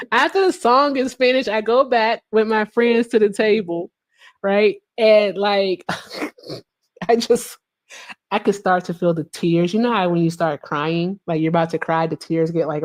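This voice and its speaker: A livestream host with a medium-pitched voice tells a story slowly in relaxed chat. Her delivery is profane and animated, broken up by laughter.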